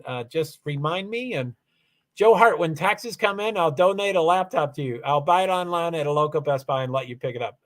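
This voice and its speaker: Man rambling through a livestream. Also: fairly high pitch. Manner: rambling, repeats "allegedly", frequent restarts; talks through software settings step by step. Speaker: livestream host. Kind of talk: casual livestream chat, reading comments.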